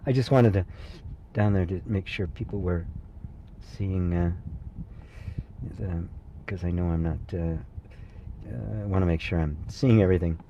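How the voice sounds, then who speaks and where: A man hosting a live satsang as a spiritual teacher, speaking gently and reassuringly, laughing softly and pausing with fillers as he reads viewer comments. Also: sits low, highs cut off, slight background noise. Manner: hesitant fillers and restarts while reading.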